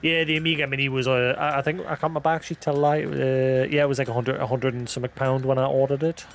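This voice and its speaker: A man's voice: medium pitch, level tone, quick pace, slight background noise. A man who hosts a live stream, chatting casually, rambling and self-deprecating, thinking aloud with many restarts. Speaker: livestream host.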